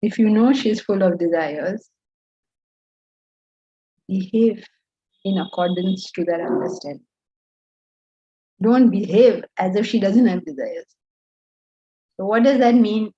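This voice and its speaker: A woman with an Indian accent teaching Vedanta to students, animated and scolding, full of rhetorical questions. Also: mid-range voice, takes it slowly, pauses often, dull audio. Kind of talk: lecture to students.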